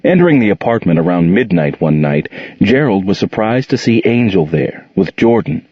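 A man reading a novel aloud as an audiobook narrator, in a steady, measured way. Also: sits low, slightly rough, no echo, lo-fi sound. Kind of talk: scripted narration.

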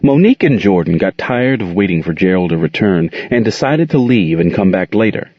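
A man narrating a novel as an expressive audiobook reader, in a dull, dry recording. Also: low voice, a little fast, dry recording. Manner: expressive storytelling.

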